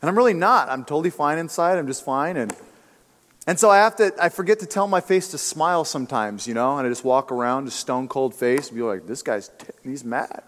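A pastor preaching a sermon in a conversational, emphatic style with casual asides. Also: male voice, fairly high pitch, fairly quick, fairly bright tone. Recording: long reverb of a church hall.

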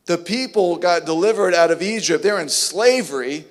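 High-voiced preacher in an echoing hall. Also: male voice, expressive, moderate pace, few pauses. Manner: emphatic, rhetorical questions. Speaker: pastor. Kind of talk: sermon.

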